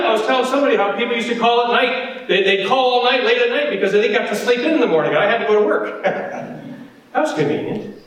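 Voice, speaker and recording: A man pastor preaching a sermon, animated and jokey, acting out the characters in the story. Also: extremely high pitch, quick pace. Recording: echoey hall from far off.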